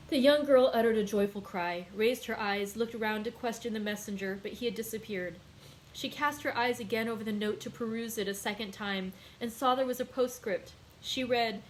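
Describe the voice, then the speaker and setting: A woman librarian reads a classic novel aloud in a clear, measured storytelling voice. Her voice sits a little higher than most. Faint noise hums underneath the recording. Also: poor audio. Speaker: librarian hosting a daily read-aloud.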